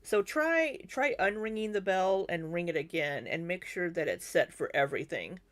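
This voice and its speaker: A woman's voice: on the low side, animated, moderate pace. A woman hosting a live commentary stream, reacting to video clips and answering viewers' comments in a chatty way.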